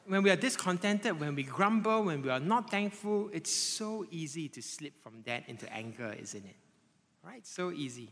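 A man preaching a sermon to a congregation, animated and conversational, often checking in with tag questions like "right?" and "okay?". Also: high-pitched, moderate pace. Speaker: pastor. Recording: long hall reverb.

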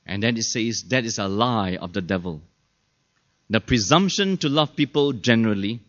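A man preaching a sermon as pastor, chatty and full of rhetorical questions to the audience, often acting out the people he quotes. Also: on the high side. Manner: acts out quoted people in shifted voices. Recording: dull lo-fi sermon recording.

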